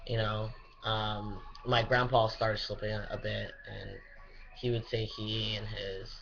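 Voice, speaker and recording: A man's voice: fairly low pitch, little pitch movement, a little slow, vocal fry, fairly bright tone, soft background music. A young man giving a casual, rambling personal update, full of fillers and restarts and swearing freely. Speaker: vlogger. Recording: dull lo-fi recording.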